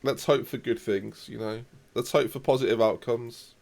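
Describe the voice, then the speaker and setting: A young man commentating live on his football management game, reacting loudly to the match and chatting to viewers. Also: medium pitch, steady tone, normal speed, vocal fry.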